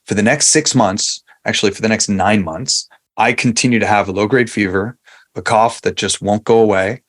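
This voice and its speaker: A man in his forties from Long Island, New York, speaks with a fairly low voice as a podcast guest. He tells his story casually, with frequent fillers and restarts. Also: steady tone, normal speed. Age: 40s. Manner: conversational, many fillers and restarts.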